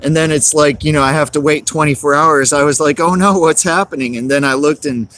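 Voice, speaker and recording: A man's voice: on the high side, level tone, brisk. A man, live-streaming outdoors on a cold, windy day, rambling and greeting chat viewers by name.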